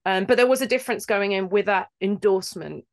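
A woman from London who acts in video games, talking in a casual interview in an animated, rambling way and laughing between thoughts. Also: mid-range voice, quick pace. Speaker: video game actor guest.

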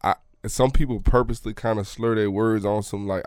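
Laid-back, low-voiced Mississippi studio engineer man. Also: steady tone, brisk, darkish tone, clean tone, no room sound. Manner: laid-back, explanatory, many fillers. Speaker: podcast co-host, studio engineer. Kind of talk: casual chat.

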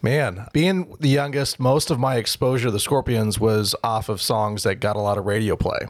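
A young adult man co-hosting a casual podcast, talking in an earnest, unhurried way. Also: on the low side, no echo, clean studio sound. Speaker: podcast co-host. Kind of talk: casual chat.

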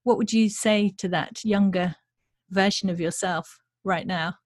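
Casting note: woman host, warm affirmations, dry close sound. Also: mid-range voice, fairly even intonation, unhurried, no room sound. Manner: encouraging, frequent short affirmations. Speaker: podcast host. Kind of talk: interview.

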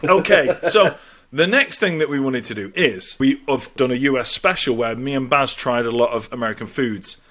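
A man's voice: medium pitch, moderate pace, a bit bright. An English man co-hosting a comedy podcast, bantering and swearing freely. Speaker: podcast co-host. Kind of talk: casual banter.

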